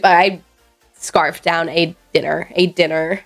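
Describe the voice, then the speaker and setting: A woman's voice: lowish voice, fairly even intonation, moderate pace, faint music behind. A woman streamer chatting casually with her viewers, rambling and reacting playfully to chat messages. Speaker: live streamer.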